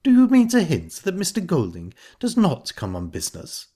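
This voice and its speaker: A man's voice: medium pitch, sing-song, moderate pace, close to an everyday voice. A man doing a huffy, prim widow. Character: shallow, touchy widowed stepmother, easily offended.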